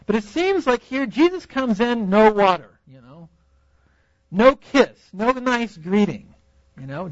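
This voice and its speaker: Animated young man preaching a story. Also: sits high, unhurried, dry recording, muffled recording. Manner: storytelling, animated, acts out reactions with laughs. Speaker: youth conference speaker. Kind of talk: preaching a sermon.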